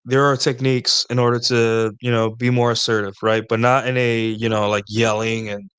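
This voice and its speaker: A man gives casual advice to his listeners, wandering through his points and tagging "right?" onto almost every thought. His voice has a middling pitch and comes across smooth and clear. It sounds dry and close, with no room around it. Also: little pitch movement, normal speed, a bit bright, dry recording. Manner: rambling, repeats points with "right?" and "like". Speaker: host answering viewer questions.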